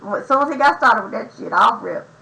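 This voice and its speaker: A young adult woman telling a profane, slang-heavy story in an animated, casual storytime vlog. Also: on the high side, fast talker, creaky, low-quality recording. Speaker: vlogger.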